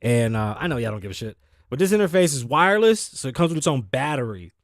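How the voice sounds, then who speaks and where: A man's voice: mid-range voice, big pitch swings, quick pace, dry recording, studio quality. A man from the Bronx, hosting his own show in a rambling, profane, self-deprecating monologue, sounding tired. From New York, the Bronx. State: sleepy, tired. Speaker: host. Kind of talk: casual solo talk show monologue. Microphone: studio mic through audio interface.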